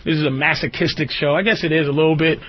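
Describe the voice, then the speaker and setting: A man's voice: a little high, steady tone, fast talker. A man hosting a radio call-in show, ranting in a profane, rambling way and laughing often. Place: radio studio. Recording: dull lo-fi radio recording with faint hiss.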